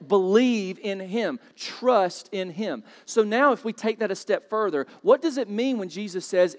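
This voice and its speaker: A man with a fairly high voice preaches from the pulpit, firing rhetorical questions at the congregation. He swings from quiet explanation into loud, emphatic bursts. His voice rings out with the long reverb of a church sanctuary. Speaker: pastor. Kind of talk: sermon.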